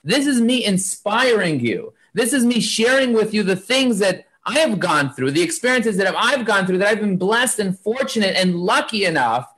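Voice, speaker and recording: A man talking as an interview guest in an energetic, preachy, motivational way, driving his points home with repeated lists. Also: high-pitched, moderate pace, hardly any pauses. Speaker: guest, marketing agency founder.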